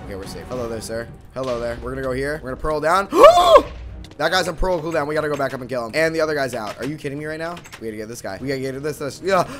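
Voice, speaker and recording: A young man giving casual live gameplay commentary, excitable and quick to burst into shouts and panicked repeats. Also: mid-range voice, faint music behind. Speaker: gaming YouTuber.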